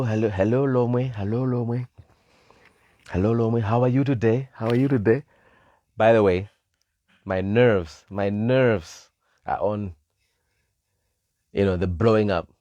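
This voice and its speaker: Low-voiced man telling a story. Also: no echo, highs cut off. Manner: animated, laughs often, acts out quoted voices. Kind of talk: casual storytelling. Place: live stream.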